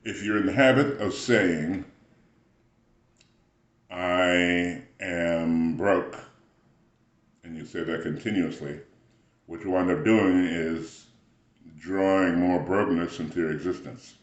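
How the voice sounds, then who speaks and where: Brief: man, very deep voice, unhurried rambling spiritual talk, echoey room. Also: lo-fi sound. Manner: rambling, musing, frequent throat-clearing.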